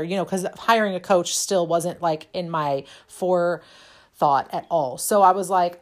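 Chatty woman with a lower voice. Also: moderate pace. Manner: chatty and self-deprecating, many fillers. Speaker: fitness instructor. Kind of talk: casual personal storytelling. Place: lives in a cold, snowy city.

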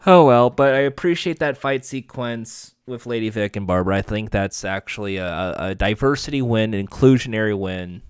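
A man's voice: fairly low pitch, animated, moderate pace, hardly any pauses, clean tone, no echo, studio quality. A man giving a casual spoken recap and review of a TV episode, rambling and often correcting himself mid-sentence. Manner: rambling, self-correcting, offhand swearing.

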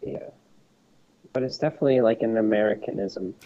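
A man's voice: fairly low pitch, brisk, crowd noise. A man co-hosting a podcast in casual chat, playful and laid-back, talking over a video call. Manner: playful, laid-back, says "bro" a lot. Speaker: podcast co-host. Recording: lo-fi online call audio.

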